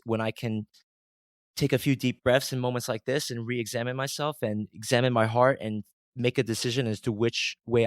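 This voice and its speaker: Earnest, preachy man with a low voice. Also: no room sound, clean studio sound. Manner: earnest and preachy, mimics his angry self in a raised voice. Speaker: podcast host. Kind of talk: reflective monologue.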